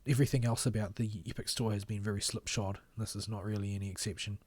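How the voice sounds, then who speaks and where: Talking fast in a steady, lowish voice, a podcast co-host delivers critical commentary during a long stream. He rambles until his words fade quietly, his voice tiring, and there's no echo.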